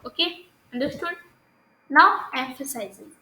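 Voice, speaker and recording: Indian English woman, grammar teacher, halting delivery, sharp bright tone. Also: high-pitched, animated, reverberant, rough recording. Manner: hesitant, many fillers and restarts, asks "understood?". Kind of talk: recorded grammar lesson.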